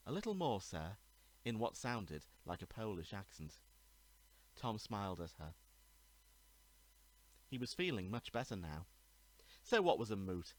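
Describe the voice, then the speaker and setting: Man, author reading his story, low voice, measured, even, storybook reading. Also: rough recording.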